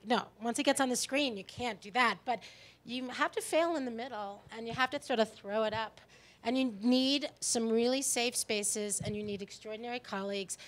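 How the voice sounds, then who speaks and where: A woman's voice: on the high side, fairly bright tone. A woman documentary filmmaker speaking candidly on a festival panel, with many restarts. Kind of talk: panel discussion.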